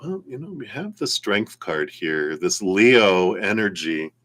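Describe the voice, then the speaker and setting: Deep-voiced man giving a tarot reading. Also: big pitch swings, takes it slowly, fairly bright tone. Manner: casual, rambling, laughs easily. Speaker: tarot reader. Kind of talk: live-stream tarot reading.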